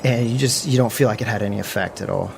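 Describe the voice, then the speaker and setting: A man running a tabletop game, calmly explaining what the players' characters know. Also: fairly low pitch, quick pace, vocal fry, music in the background. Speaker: game master.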